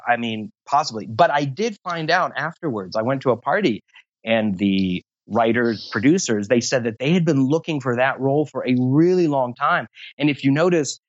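A man's voice: medium pitch, animated, moderate pace, dry recording, lo-fi sound. A man being interviewed about voice acting, talking at length in a rambling, self-deprecating way. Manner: rambling, long-winded, self-deprecating humor. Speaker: voice actor interview guest. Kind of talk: casual interview talk.

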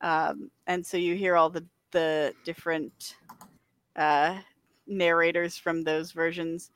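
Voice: mid-range voice, flat delivery, slow, a bit bright, clear, resonant tone, no echo. A podcast co-host in casual chat, rambling with many filler words and frequent laughs. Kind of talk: casual chat about a video game.

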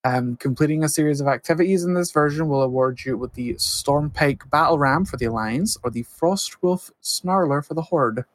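A man with a fairly high voice co-hosts a podcast, reading out news items with frequent ums and uhs. The recording is close and dry, with no room sound. His delivery is relaxed and conversational. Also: moderate pace, few pauses, dry recording. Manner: reads news items with many fillers. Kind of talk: casual chat.

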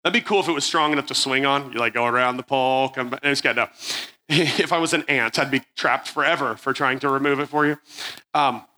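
A man's voice: mid-range voice, a little fast, pushed and bright. A man preaching to an audience, telling a story from his school days and acting out the voices. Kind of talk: storytelling sermon.

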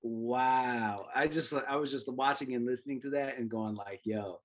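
Chill guy guesting on a podcast, easygoing, mid-pitched voice. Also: normal speed. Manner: calm, relaxed, friendly. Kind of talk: casual podcast chat. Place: Chicago.

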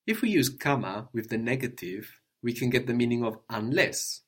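A man teaching a language lesson, patiently prompting his student with questions and gently correcting answers. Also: mid-range voice, expressive, moderate pace, husky.

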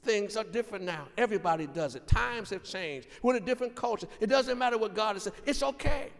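A man voicing a sly, tempting male devil who brushes off wrongdoing in a low, hushed murmur. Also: fast, big-room sound. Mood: coaxing.

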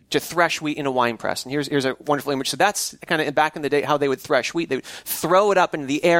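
A man preaching a casual, conversational sermon, with a voice sitting a little higher than most men's. He often restarts his phrases as he talks. The sound is dry and close, with no room echo. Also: fairly bright tone. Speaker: pastor.

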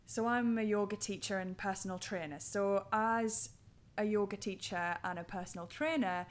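A woman's voice: medium pitch, normal speed. A woman with a Durham accent hosting a podcast from her home, talking in a chatty, reflective way and laughing easily. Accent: Durham, North East England. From Durham, England. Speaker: podcast host. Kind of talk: casual conversational podcast chat.

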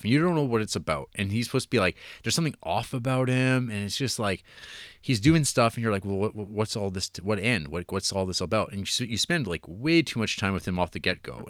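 A young man co-hosting a casual film review chat, animated and exasperated, swearing freely. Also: on the low side, dry recording, clean studio sound. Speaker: podcast co-host.

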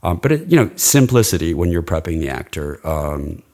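Middle-aged male dialect coach, very low voice, chatty and rambling. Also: sing-song, brisk, a little mellow. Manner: enthusiastic, rambling, demonstrates sounds. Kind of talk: casual interview chat.

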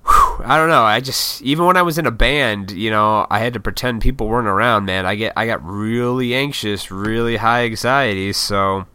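A man's voice: lowish voice, moderate pace, sharp tone, clean tone, no echo. A man in his thirties, a YouTuber, in a casual, rambling, profane vlog monologue. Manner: rambling, profane, laid-back, self-deprecating.

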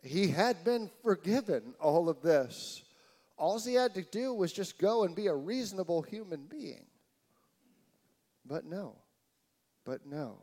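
A man preaching a sermon, retelling a story with incredulous asides and swinging from loud exclamations to hushed lines. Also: high-pitched, lively intonation, moderate pace. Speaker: pastor.

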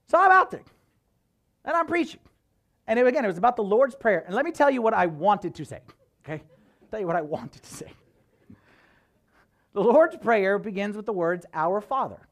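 A man, a priest, preaching a sermon as a conversational, animated story full of casual fillers. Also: high voice, fairly quick, gravelly, long pauses.

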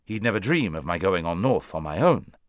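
A man's voice: sits low, very animated, no echo, clean studio sound. A man voicing a proud, brusque talking war horse. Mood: brisk. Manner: brisk, commanding, contemptuous.

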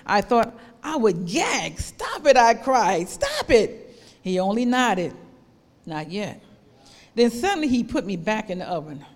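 A woman's voice: mid-range voice, sing-song, moderate pace, hardly any pauses. A suffering talking teacup tells its story in a pleading, dramatic voice, as a woman preacher reads it out. The sound carries a long hall reverb.

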